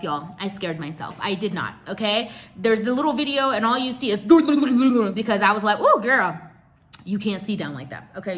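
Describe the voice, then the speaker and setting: A young woman telling a travel story in a casual vlog, chatty and animated, full of slang and asides to her viewers. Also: on the high side. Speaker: travel vlogger.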